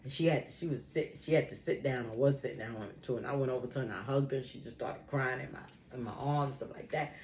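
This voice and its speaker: A woman telling a personal story in a casual, animated way, acting out the people she quotes. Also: rumbling low, quick pace, hardly any pauses, a little hiss or hum.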